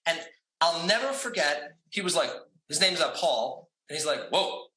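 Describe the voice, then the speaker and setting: On a video call setup in an echoey room, with a crowd in the background, a man who owns a trivia company talks as an interview guest. His voice sits on the high side and sounds animated at a moderate pace, and he's chatty, laughing often and using many fillers.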